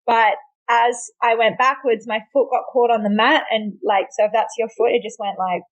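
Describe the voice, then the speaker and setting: Young Australian woman, podcast guest, higher-pitched voice, easy laughter, relaxed chat. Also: normal speed, no room sound, muffled recording. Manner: laughs often, chatty and self-deprecating.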